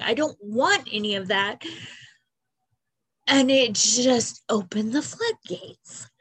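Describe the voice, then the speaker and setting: A woman in her forties hosting a podcast, talking through tears in a halting, earnest personal monologue. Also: a little high, a bit bright, slightly rough. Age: 40s. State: crying. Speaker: podcast host.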